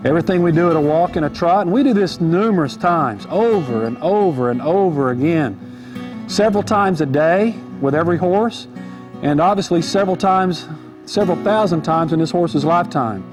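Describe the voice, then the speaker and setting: A man's voice: high voice, fairly quick. A man, a horse trainer, giving an easygoing, folksy riding lesson from horseback in an arena, repeating his key points. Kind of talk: instructional riding demonstration. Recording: music playing behind.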